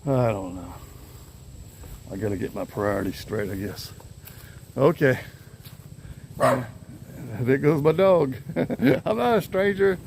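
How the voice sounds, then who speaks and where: A man's voice: medium pitch, takes it slowly, long pauses, a little mellow, slight background noise. Older man, casual vlog, rambling, chuckling, outdoors, phone mic. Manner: rambling, easygoing, chuckles often. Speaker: vlogger. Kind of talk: casual chat to camera. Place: outdoors in his yard. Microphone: handheld phone camera.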